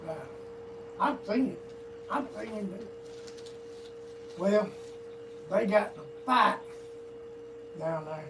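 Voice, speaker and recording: A man's voice: high-pitched, expressive, slow, pauses often. Older man, profane rambling yarns. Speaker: storyteller guest. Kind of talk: casual storytelling. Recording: distant mic, noisy room.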